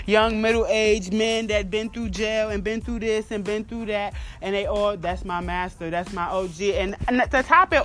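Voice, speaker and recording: A woman's voice: medium pitch, a bit bright. A woman hosting a gossip commentary, talking bluntly and animatedly and swearing freely. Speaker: commentary host.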